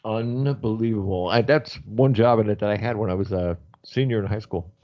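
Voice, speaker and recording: A man's voice: lowish voice, brisk. A man hosting a radio show, chatting casually with his guests and reacting to their stories. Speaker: radio host. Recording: dull lo-fi radio audio.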